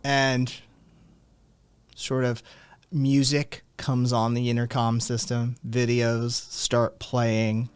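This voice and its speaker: A man's voice: medium pitch, flat delivery, slow pace, darkish tone, clean tone, dry recording. A man narrating as game master in a casual, rambling way. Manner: casual, rambling, filler-heavy.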